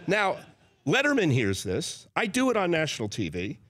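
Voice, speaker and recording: A man's voice: on the high side, huge pitch swings, fairly bright tone. Older man telling stories on a talk show. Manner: storytelling, quick to laugh. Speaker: guest, impressionist and former sports host. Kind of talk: casual talk show chat.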